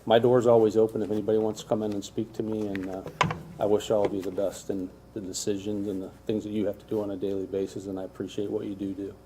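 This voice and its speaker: A man's voice: on the low side, flat delivery, quick pace. A middle-aged man, a school official, speaking sincerely and from the heart at a council meeting. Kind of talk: public meeting remarks. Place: council chamber. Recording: faint room noise, council meeting.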